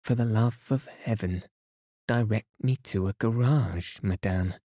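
A man voicing a puzzled young woman in a bedtime storybook reading, lifting his voice higher. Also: unhurried, mellow, no echo, clean studio sound.

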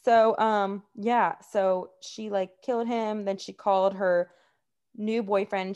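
A woman co-hosting a casual podcast, chatty and exasperated, with her sentences full of "like" and "um". She talks at an ordinary middle pitch and tells a story in a loose, conversational way. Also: fairly even intonation, slow, a little mellow, clean tone. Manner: chatty, heavy on fillers like "like" and "um"; openly exasperated about the subject. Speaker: podcast co-host. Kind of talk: casual true-crime podcast chat.

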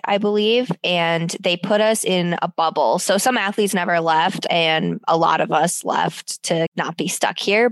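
A woman answering interview questions as a guest athlete, speaking in a relaxed, conversational way through a headset on a video call. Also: on the low side, dry recording. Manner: relaxed, conversational, some restarts.

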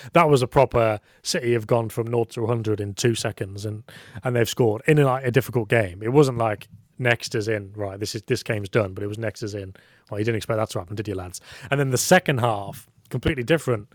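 A man's voice: mid-range voice, dry recording, clean studio sound. A man chatting casually on a podcast, rambling and self-deprecating. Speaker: podcast co-host. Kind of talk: casual chat.

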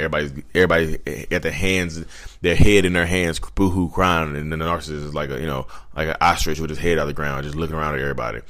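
A man in his thirties with a notably low, deep voice talks to camera in a loose, rambling vlog monologue. He keeps checking in with "you know what I mean" and acts out bits of dialogue as he goes. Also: fairly bright tone. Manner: loose and conversational, full of 'you know what I mean' and acted-out quotes. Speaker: vlogger talking about his own personality disorder. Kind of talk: casual storytelling monologue.

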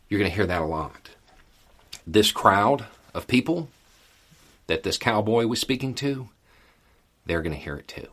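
A man's voice: fairly low pitch, lively intonation, unhurried, long pauses, a bit bright. A man giving casual, folksy political commentary straight to the camera as a regular host, with emphatic repetition.

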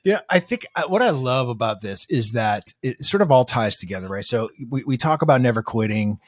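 A man hosting a podcast, thinking out loud in loose, run-on sentences during a casual chat. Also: mid-range voice, expressive, fairly quick, no echo, clean studio sound. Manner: reflective, talks in loose run-on thoughts. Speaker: podcast host.

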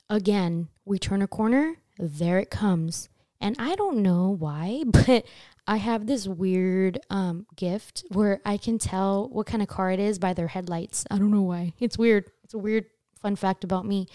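Animated young woman telling a scary story. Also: measured pace, no room sound, studio quality. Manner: animated, swears freely, jumps in pitch on quoted screams. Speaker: podcast host telling a story. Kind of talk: casual storytelling chat.

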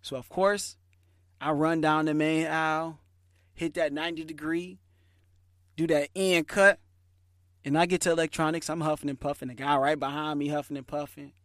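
A man hosts a podcast and tells a story in a lively, chatty way with plenty of slang. His voice sits a little higher than most men's. The sound is dry and close, with no room echo. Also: moderate pace. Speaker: podcast host. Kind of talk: casual storytelling.

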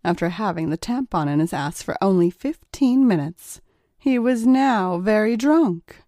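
A woman narrates an erotic audiobook in a calm, measured way. She reads slowly, with a dark, mellow tone. The recording is dry and close. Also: mid-range voice, no echo.

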